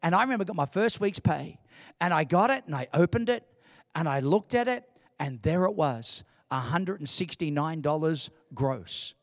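A man in his sixties preaching a sermon in church, animated and humorous, with emphatic delivery. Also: fairly high pitch, moderate pace, dry recording, clean studio sound. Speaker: pastor.

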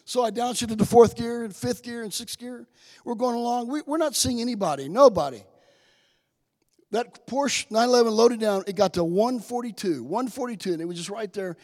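A man in his sixties, a guest speaker giving a testimony sermon in a church, telling a story that builds to loud, slow preaching. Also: very high-pitched. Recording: long reverb in a church hall.

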